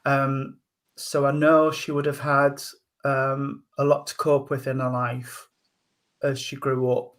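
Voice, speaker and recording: A man working as a medium, giving a psychic reading in a gentle, hesitant way full of ums and endearments. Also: mid-range voice, monotone, slow pace. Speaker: spiritual medium.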